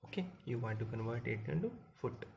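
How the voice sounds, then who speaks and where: A man gives a physics lesson. His voice has a gravelly edge, and he repeats points and asks the class questions as he goes. The recording is dull and lo-fi with a faint hiss underneath. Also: mid-range voice, lively intonation, brisk, a little mellow. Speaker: physics teacher. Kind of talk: classroom lecture.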